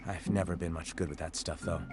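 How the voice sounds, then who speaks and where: A man voicing a calm, kind young man in a low, understated read. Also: fairly quick, over loud music, lightly acted. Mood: quiet.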